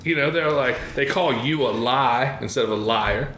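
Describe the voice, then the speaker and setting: A man's voice: mid-range voice, normal speed, fairly bright tone. A man hosting a podcast, telling loose, profane stories in casual chat. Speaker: podcast host. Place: tattoo shop studio. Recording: roomy echo, faint background hiss.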